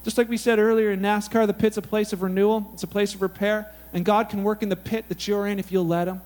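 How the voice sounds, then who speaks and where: Brief: male pastor, very high voice, chatty sermon, faint mains hum. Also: little pitch movement, quick pace, darkish tone. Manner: casual, conversational, asks the audience questions.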